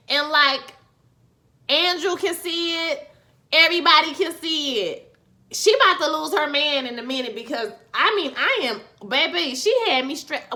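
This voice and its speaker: A woman with talks through a TV episode recap in a lively, sassy way. Her voice sits high and bright. She exclaims freely and speaks straight to her viewers. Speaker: YouTube TV recap host. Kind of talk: casual spoken show review.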